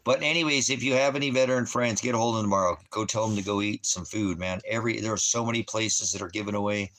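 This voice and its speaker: A man's voice: fairly low pitch, fast, a bit bright, a little hiss or hum. A man vlogging in a loose, rambling way, full of ums and repeated phrases. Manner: loose, filler-heavy, repeats himself. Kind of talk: casual rambling chat.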